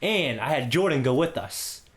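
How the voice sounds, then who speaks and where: At normal speed and medium pitch, a man in his thirties co-hosting a podcast relates a lengthy personal anecdote. His casual telling is profane and animated, punctuated by frequent checks of "okay?"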